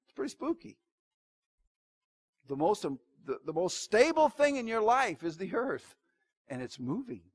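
A man with a notably high-pitched voice preaches an evening sermon in church. He drives his points home loudly, then drops to quiet, hushed asides for effect. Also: big pitch swings, measured pace, long pauses, breathy edge. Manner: dramatic preaching, swinging between loud emphasis and low hushed asides. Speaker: pastor.

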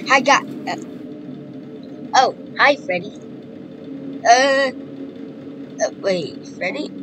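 A young woman doing casual game roleplay commentary, playful, humming little sound effects and breaking into sudden squeals. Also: medium pitch. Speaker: roleplay gamer. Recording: game music underneath.

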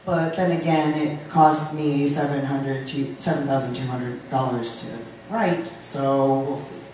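A poet from Ohio reading poems aloud at a live open mic, with halting, filler-laden chat between poems. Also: mid-range voice, fairly even intonation, a little mellow, slight background noise. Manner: reads poems, chats with fillers between them. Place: live venue room. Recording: very echoey room from a distance.

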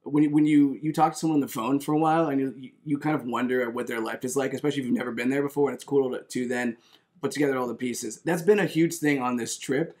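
A young man hosting his own video, chatting casually with a friend in an animated, self-mocking way. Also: medium pitch, fast. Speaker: YouTuber host. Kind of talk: casual chat.

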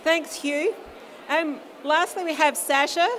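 A woman's voice: sits high, steady tone, slow, fairly bright tone. A woman moderating a panel discussion in a friendly, conversational way.

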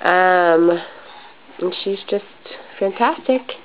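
A woman's voice: mid-range voice, steady tone, moderate pace, slight background noise. A young adult woman chatting casually at home for a family home video, rambling a little with frequent ums. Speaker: mother filming a family update. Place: home living room. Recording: slightly dull lo-fi home video.

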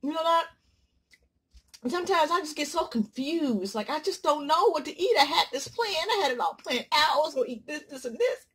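Woman, mukbang vlogger, playful, lively rising and falling voice, fairly high. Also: a little fast. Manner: playful, dramatic swings from loud exclamations to murmurs. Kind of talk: casual chat while eating.

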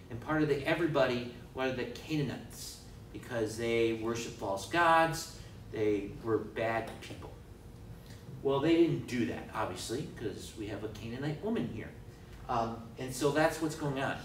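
A man's voice: a little high, expressive, measured pace, a little hiss or hum. A man teaching a Bible study class in a conversational way. He reads out verses, asks the class questions and acts out the people in the story.

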